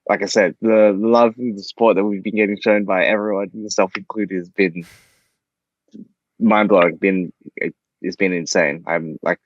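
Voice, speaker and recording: A man's voice: fairly low pitch, steady tone, normal speed, no room sound, muffled recording. A man guesting on a podcast in casual chat, often stumbling and restarting his sentences. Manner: stumbling, restarting, self-interrupting. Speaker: podcast guest, band member.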